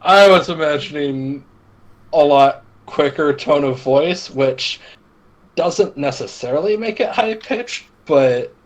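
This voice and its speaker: A man playing in an online role-play game, explaining his points in a measured, casual way. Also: fairly high pitch. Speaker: tabletop role-play player. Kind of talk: casual chat over voice call.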